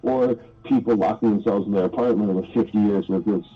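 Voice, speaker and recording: A man's voice: fairly low pitch, steady tone, brisk. A man speaking as an economist guest on a radio talk show, explaining in an earnest, articulate way. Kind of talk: radio interview commentary. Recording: dull lo-fi radio audio.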